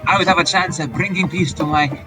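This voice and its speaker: A man's voice: on the high side, fairly even intonation, over music, close to an everyday voice, poor audio. A man voicing a flamboyant young male fox prince in a put-on Spanish accent, grandiose and theatrical. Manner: grandiose, theatrical, drawn-out words.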